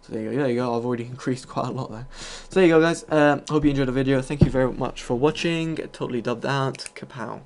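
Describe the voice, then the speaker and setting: A man's voice: medium pitch, fast talker, few pauses, darkish tone. A man giving loose, rambling commentary over his own gameplay, full of fillers and the odd casual swear. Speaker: gaming video host.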